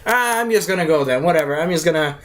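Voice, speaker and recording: A man's voice: a little high, lively intonation, fast, a bit bright. Man doing a drunk grumpy hunter. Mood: dismissive. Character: drunk, grumpy young male monster hunter.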